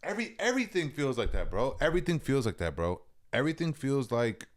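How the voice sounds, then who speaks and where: A man's voice: medium pitch, sing-song, quick pace. A young man co-hosting a podcast, telling rambling, profane stories in casual chat and saying "bro" constantly. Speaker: podcast co-host.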